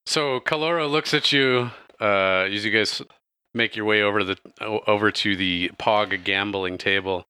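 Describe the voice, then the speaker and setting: A man's voice: fairly low pitch, normal speed, sharp tone, smooth, dry recording. A man running a tabletop game as game master, narrating in a loose, chatty way.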